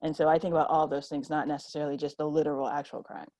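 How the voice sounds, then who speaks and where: A woman's voice: low-pitched, level tone, very fast, warm tone, no room sound. A woman speaking as a panelist in a roundtable discussion, reflective in tone.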